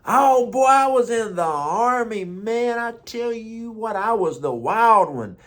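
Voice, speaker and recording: A man voicing a cheerful, proud old man in his nineties who tells his life story with excitement. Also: high-pitched, slow pace, voice pushed up, exaggerated voice. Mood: boastful. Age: older.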